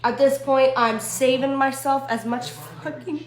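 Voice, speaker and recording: A young woman tells a creepy story from her own life in a casual storytime, talking into her phone. Her voice sits a little high and bounces around a roomy, echoey space. She swears freely and keeps turning to the viewers. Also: fairly even intonation, a little slow. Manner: chatty, swearing, asides to viewers. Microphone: phone selfie video. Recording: echoey room.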